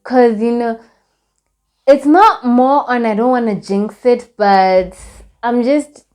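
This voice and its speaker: A young woman from Botswana recapping a trip in a casual vlog, chatty and animated, with lots of fillers. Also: a little high, slow pace, smooth. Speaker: vlogger.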